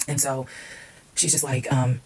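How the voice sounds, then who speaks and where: A woman's voice: rumbling low, level tone, a little slow, a little mellow, slight background noise, poor audio. A woman telling a personal story in a casual storytime monologue, candid and emphatic, swearing freely.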